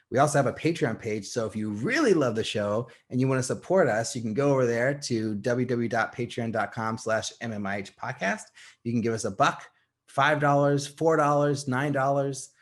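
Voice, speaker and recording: A man co-hosting a filmmaking podcast in casual chat, rambling with lots of fillers and frequent laughs. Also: medium pitch. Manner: rambling, many "like" and "you know" fillers, laughs often. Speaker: podcast co-host.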